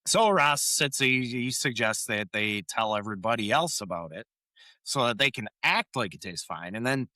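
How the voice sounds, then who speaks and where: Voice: medium pitch, animated, normal speed, bright, forceful tone, dry recording, clean studio sound. A podcast co-host in a casual recap chat, laughing often and acting out quoted lines while retelling scenes. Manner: acts out quoted lines in changed voices.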